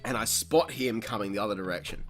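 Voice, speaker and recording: A young man, hosting a podcast and telling a story in casual chat. He swears freely, laughs a lot and shouts out the lines he quotes. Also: lowish voice, lively intonation, fast talker, faint music behind. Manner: profane, laughs often, acts out quotes loudly. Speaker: podcast host.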